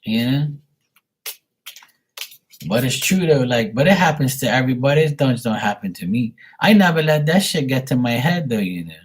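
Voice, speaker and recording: A man's voice: mid-range voice, animated, moderate pace, husky. A man chatting casually with viewers on his live tarot stream, blunt and swearing freely.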